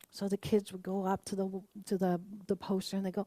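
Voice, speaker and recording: A middle-aged woman minister delivers a conversational, animated sermon, acting out the voices of those she quotes. She speaks in a mid-range voice at a normal pace, and the recording has no echo.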